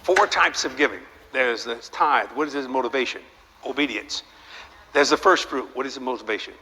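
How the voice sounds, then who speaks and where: A man's voice: mid-range voice, normal speed. An older man preaching a sermon to a live audience, telling stories with jokes and firing rhetorical questions at the crowd. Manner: animated, joking storytelling with repeated rhetorical questions. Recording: long hall reverb, faint background noise.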